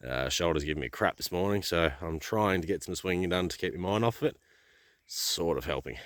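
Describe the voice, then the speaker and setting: A man's voice: deep voice, animated, fairly quick, fairly bright tone, no room sound, studio quality. An Australian man hosting a casual metal detecting vlog outdoors in the bush, talking in a laid-back, slangy way and chuckling often. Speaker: host.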